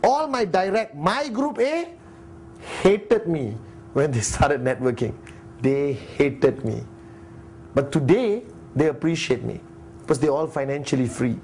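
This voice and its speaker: A man's voice: on the high side, expressive, unhurried, darkish tone, slight background noise. A man giving a blunt, pushy motivational talk, firing rhetorical questions at his audience. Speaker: network marketing leader and motivational speaker.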